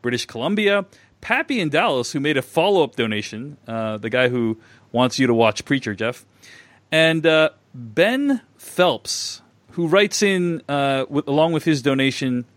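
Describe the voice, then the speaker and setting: A man's voice: medium pitch, expressive, unhurried, fairly bright tone, dry recording. A man hosting a casual film podcast, thanking donors and reading listener messages aloud. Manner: reads listener messages aloud, laughing easily. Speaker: podcast host.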